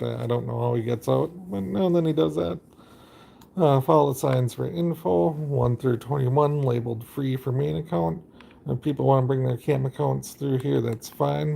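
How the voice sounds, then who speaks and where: Gravelly dark-voiced guy rambling along on a live game stream, lots of uhs. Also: mid-range voice. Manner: rambling, chatty, full of fillers. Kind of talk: casual live-stream commentary.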